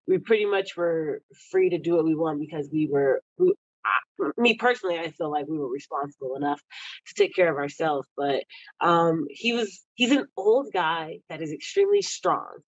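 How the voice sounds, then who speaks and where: A young woman from Texas, a guest on a podcast, chatting casually about her coaches. She laughs often between phrases and jumps into high, animated voices when she quotes people. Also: moderate pace, no room sound. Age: young adult. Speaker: podcast guest, Olympic wrestler. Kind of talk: casual interview chat. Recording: dull, slightly lo-fi, dry sound.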